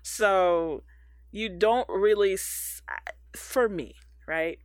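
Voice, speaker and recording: A woman hosting a casual podcast chat, talking in an animated, slangy way and laughing often. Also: medium pitch, drawn-out words, dry recording, studio quality. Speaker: podcast host.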